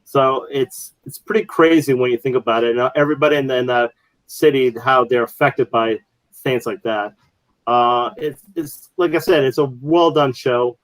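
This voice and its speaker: Male podcast co-host, mid pitch, dry close mic, loose rambling delivery with lots of fillers. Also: a bit bright, no echo, poor audio. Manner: rambling, many fillers and restarts. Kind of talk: casual chat.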